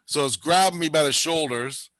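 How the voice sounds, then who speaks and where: A man telling a wild story in casual chat, animated and profane, acting out what people said. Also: a little high, normal speed, no room sound. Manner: animated, profane, acts out quotes.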